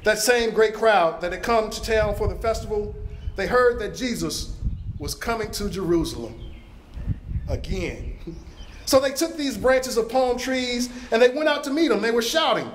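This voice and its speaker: A man with a high voice delivers a dramatic first-person retelling of scripture in emphatic preaching style. His words ring around a roomy, echoing church sanctuary. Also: lively intonation, normal speed, a little hiss or hum. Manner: emphatic preaching delivery, raising pitch for quoted speech. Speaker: pastor. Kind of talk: first-person biblical character narration.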